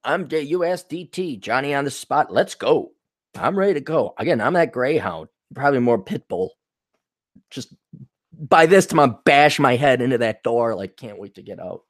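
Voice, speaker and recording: Man, podcast host, comedic rant, profane, lively pitch, dry close sound. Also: moderate pace, no echo. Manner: profane, animated storytelling with quoted voices.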